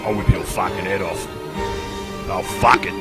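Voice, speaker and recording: A man's voice: deep voice, steady tone, normal speed, lightly acted. A man playing a furious, foul-mouthed older man who growls threats in a comedy sketch. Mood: menacing. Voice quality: growling, profane, menacing. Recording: loud music under the clip.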